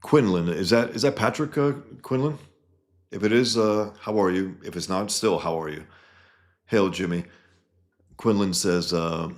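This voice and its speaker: At a normal speed, a very deep-voiced man works through internet comments, reading them out and responding with casual commentary. His manner is heated and blunt, with frequent swearing.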